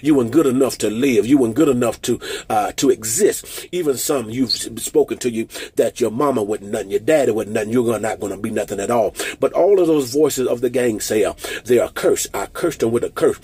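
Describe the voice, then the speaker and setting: A man preaching as a prophet, moving from slow, low declarations to rapid, repetitive sing-song exhortation. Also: darkish tone, breathy edge.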